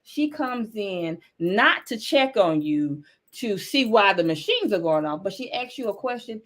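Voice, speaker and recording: A woman podcast host with a mid-pitched, animated voice that moves freely up and down. She listens closely, answers with quick affirmations, and recaps what her guest has told her. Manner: responsive, frequent affirmations, recaps guest's story. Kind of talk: interview podcast.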